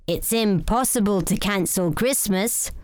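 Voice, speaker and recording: A woman voicing a glum little wood elf in a storybook, speaking in a flat, uncheerful way. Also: medium pitch, unhurried, dry recording, voice pushed up, natural voice.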